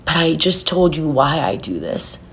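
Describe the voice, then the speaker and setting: A woman with a fairly low voice and plenty of gravelly fry. She talks earnestly and from the heart to followers on a live stream, at times slowing down and going soft. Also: very animated, slight background noise. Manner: earnest and heartfelt, speaks softly and slowly at times. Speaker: spiritual reader and numerologist.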